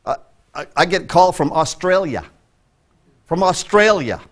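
A man's voice: sing-song, unhurried. A man preaching a sermon from a church pulpit, emphatic and conversational. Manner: emphatic, conversational preaching with sudden pitch jumps. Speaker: pastor. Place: church sanctuary.

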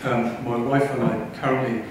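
At a conference hall, a man gives a lecture with eager, wry energy, tossing asides to the audience. His mid-range voice is steady in tone and brisk in pace, with slight background noise. The recording sounds echoey and distant, as if captured from across the hall.

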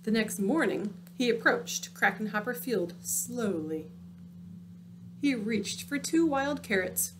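Slow, expressive woman reading a storybook. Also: a little high, a little hiss or hum. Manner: dramatic, drops into hushed spooky tones. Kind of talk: picture book read-aloud.

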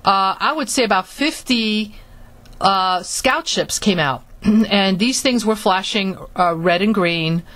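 Halting woman telling a personal story. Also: medium pitch, a bit bright. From Florida, US. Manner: halting, with many restarts and fillers. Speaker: speaker recounting her experiences.

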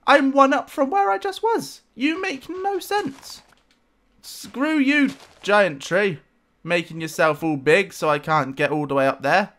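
A man giving excitable, self-mocking let's-play commentary, talking back to the game with sudden outbursts. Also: mid-range voice. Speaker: gameplay commentator.

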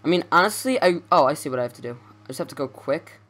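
A man's voice: a little high, expressive, fast talker, a bit bright. A young man giving casual let's play commentary, rambling and stammering as he corrects himself.

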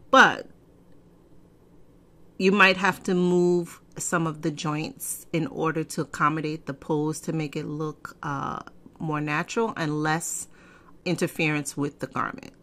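A woman hosting a casual software tutorial, chatty and digressive, often clearing her throat. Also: deep voice, steady tone, a little slow. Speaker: fashion software tutorial host. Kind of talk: casual screen-recorded tutorial. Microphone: desk microphone.

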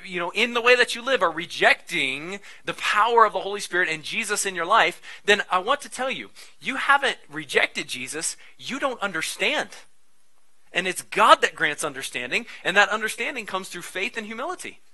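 A male pastor delivers a sermon in a loose, conversational style. His voice sits a little high and rings very bright. He keeps it animated, with quick asides to his listeners. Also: poor audio.

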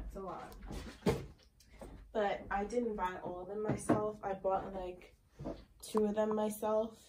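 Young woman beauty vlogger, unhurried rambling chatter, home recording with audible noise. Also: medium pitch, dark tone. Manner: chatty, rambling, lots of fillers and likes. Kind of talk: casual makeup collection tour.

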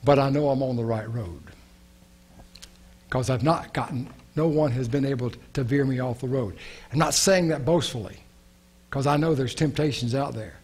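A man's voice: medium pitch, moderate pace, darkish tone, slightly rough. A male pastor preaching a sermon, earnest and prayerful, repeating key phrases.

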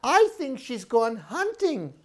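High-pitched owlet girl, big sister, worried but bossy, slow and soothing, as a woman puts her on. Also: very animated, full character voice. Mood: hopeful.

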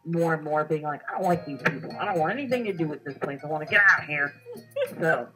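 Low-voiced woman telling a story casually. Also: fast, poor audio. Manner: animated storytelling with acted-out quotes. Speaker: co-host. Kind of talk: casual conversation recounting a dream.

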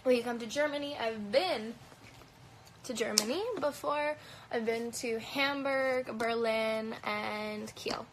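A woman's voice: a little high, fairly even intonation, slow, slight background noise, poor audio. A woman with a light Canadian accent chatting casually on a phone livestream, answering comments in a blunt, profane way with plenty of "um"s and "like"s. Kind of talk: casual live Q&A chat. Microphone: phone held at arm's length.

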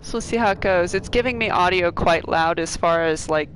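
A woman's voice: lowish voice, brisk, slight background noise, poor audio. A woman hosting a live game stream, chatting casually with viewers and laughing often.

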